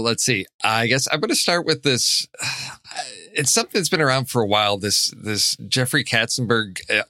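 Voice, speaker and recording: A man's voice: mid-range voice, pushed and bright, dry recording. A man co-hosting a casual movie podcast, talking in a rambling way with many restarts. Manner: rambling, restarts, frequent laughs. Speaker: podcast co-host.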